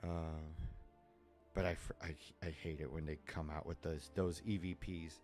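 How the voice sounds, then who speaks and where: A man's voice: a bass voice, flat delivery, moderate pace, darkish tone, faint music behind. A man live-streaming as he draws, chatting casually in a rambling, digressive way and laughing often. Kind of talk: casual chat while drawing.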